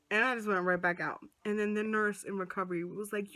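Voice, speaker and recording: Woman, casual vlog storytelling, animated, close small camera. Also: mid-range voice, brisk. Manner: chatty, animated, acts out quoted voices. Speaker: vlogger. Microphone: phone or small camera close up.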